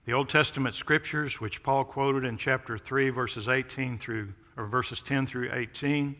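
A man preaching a sermon as pastor of a church, emphatic, swelling loud on key phrases and dropping low on others. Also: fairly even intonation, unhurried, big-room sound. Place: church sanctuary.

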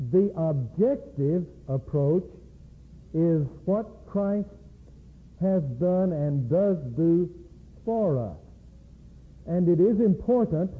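A man preaching an evening sermon in a slow, measured way, with deliberate emphasis. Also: sits high, slightly rough. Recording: tinny phone-like lo-fi recording.

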